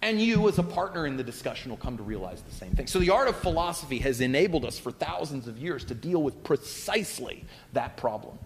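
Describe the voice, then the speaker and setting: A man answering audience questions as a guest philosopher at a public talk, speaking in an animated, expansive way with spirited emphasis. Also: mid-range voice, brisk, hardly any pauses, noisy background. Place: lecture hall at a college event. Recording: hall reverb.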